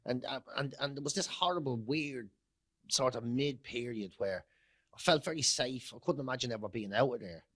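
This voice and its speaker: A man's voice: medium pitch, moderate pace, a bit bright, no echo, studio quality. A man in his forties with an Irish accent, a guest telling personal stories in a loose, reflective way. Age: 40s. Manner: reflective, loose, repeats words and trails off. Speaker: guest, comedian and radio presenter. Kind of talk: candid conversational storytelling. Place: podcast studio.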